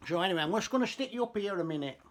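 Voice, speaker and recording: A man's voice: high-pitched, animated, racing. Sweary, chatty man cooking. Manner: chatty, sweary and self-mocking. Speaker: home cooking vlogger. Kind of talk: casual cooking demonstration. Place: home kitchen. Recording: roomy, distant kitchen sound.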